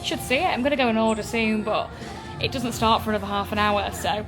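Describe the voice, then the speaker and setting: A woman's voice: a little high, fast talker, music in the background. Gushing young English woman vlogging. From England. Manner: chatty, gushing, lots of "like" and "oh my God". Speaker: travel vlogger. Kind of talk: casual vlog talking to camera.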